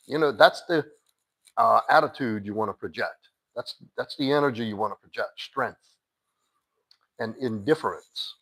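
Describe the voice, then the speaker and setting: A man coaching a listener through a breakup, blunt and insistent. He keeps his voice at an ordinary middle pitch. His talk is casual and direct, with the odd curse word dropped in. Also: moderate pace, pauses often, fairly bright tone, poor audio. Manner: addresses a listener by name, firm and insistent. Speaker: dating coach. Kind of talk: live-stream advice talk.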